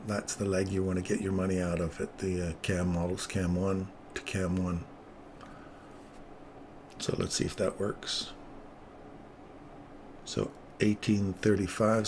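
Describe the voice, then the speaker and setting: Rambling, lower-voiced man teaching trading. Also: creaky, a little mellow, slight background noise. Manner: casual, rambling, easily sidetracked. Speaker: trading channel host. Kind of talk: live trading commentary.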